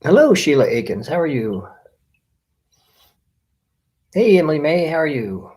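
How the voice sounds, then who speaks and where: Man, fairly high voice, casual live-stream host, greets chat by name, relaxed at-home chatter. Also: unhurried. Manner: friendly, reads out viewer names one by one.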